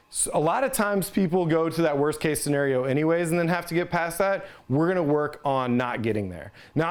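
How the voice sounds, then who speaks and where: A man giving an instructional talk on resiliency, conversational and plain-spoken, checking in with listeners as he explains. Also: fairly high pitch. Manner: conversational, ends points with "right?". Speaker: resiliency trainer.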